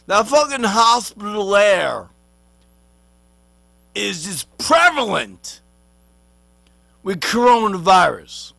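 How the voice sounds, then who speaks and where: A man with a high, bright voice delivers a rambling, swear-heavy comic rant. He talks slowly and unhurriedly, full of street slang, and now and then refers to himself in the third person. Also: big pitch swings, vocal fry, no room sound. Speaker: vlogger.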